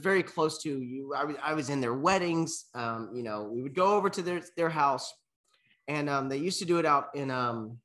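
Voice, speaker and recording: A man's voice: a little high, a bit bright. A young man co-hosting a casual sports podcast, rambling and sometimes choking up with emotion. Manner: rambling, gets emotional and chokes up. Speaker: podcast co-host. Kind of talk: casual chat.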